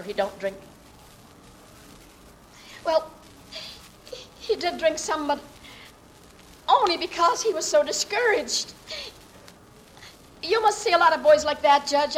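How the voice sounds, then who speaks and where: A woman's voice: high-pitched, a bit bright, slight background noise, rough recording. A woman acting an earnest young working-class woman who politely pleads her case to a judge in a dramatic monologue.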